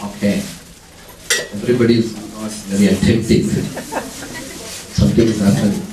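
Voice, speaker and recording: A man's voice: on the low side, moderate pace, crowd noise. Man preaching in an echoey hall. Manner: chatty, lively, teasing asides. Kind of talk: devotional storytelling sermon. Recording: roomy hall, distant mic.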